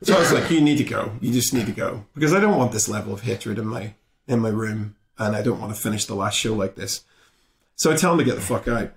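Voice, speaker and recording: A man's voice: lowish voice, fast talker. Man, roomy echo. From Belfast, Northern Ireland. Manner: animated retelling, acting out both sides of the exchange; casual with frequent swearing. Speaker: guest comedian. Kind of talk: conversational storytelling in a podcast interview.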